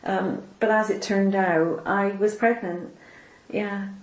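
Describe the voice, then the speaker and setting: A woman being interviewed, recounting a personal faith story in a halting, emotional way, often repeating her words. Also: medium pitch, steady tone. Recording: roomy echo.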